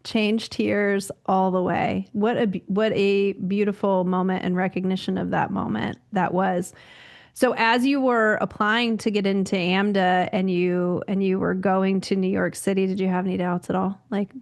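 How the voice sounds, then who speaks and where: Woman host, mid pitch, encouraging interviewer. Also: flat delivery, normal speed. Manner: warm affirming, gushing praise. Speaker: podcast host. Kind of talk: interview conversation.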